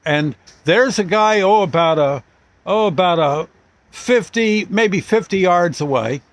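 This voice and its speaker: A man telling a long anecdote in a loose, halting way, with many restarts and small chuckles. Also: high-pitched, lively intonation. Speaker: storyteller host. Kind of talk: casual storytelling.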